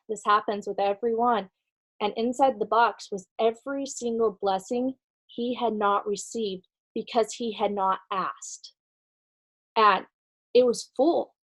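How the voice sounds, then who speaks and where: On poor audio, a woman with a voice on the high side shares conference notes. She recounts a faith story in a chatty style, acting out the dialogue and filling it with ums and likes.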